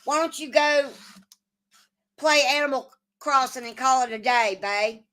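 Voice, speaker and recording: Her voice sits high and comes across bright and forceful, a little slow in pace. As host of a casual livestream, the woman swears frequently and spars with her chat, answering it with combative profanity.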